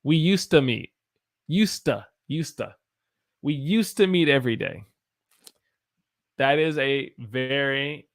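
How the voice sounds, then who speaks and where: An American man in his thirties teaching English on a live stream, speaking slowly and repeating phrases for learners to copy. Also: mid-range voice, gravelly, a bit bright.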